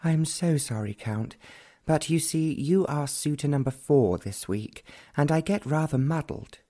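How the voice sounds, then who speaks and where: A man's voice: a little high, animated, unhurried, mellow, pitched above the performer's own voice. A man narrating an audiobook voices a young English lady in a light, raised voice. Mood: wistful.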